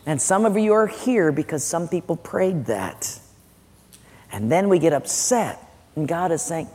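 A man's voice: a little high, animated, unhurried, a little mellow. A man preaching a sermon as pastor, conversational and joking, putting questions to the congregation. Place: large church sanctuary. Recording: long church hall reverb.

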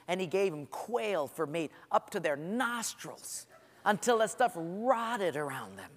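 Animated high-voiced preacher in a hall. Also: male voice, measured pace. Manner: animated storytelling, acting out voices of people praying. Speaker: pastor. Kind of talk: sermon.

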